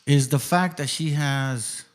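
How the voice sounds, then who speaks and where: A man hosting a casual chat who reacts to a video with quick, profane banter. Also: medium pitch.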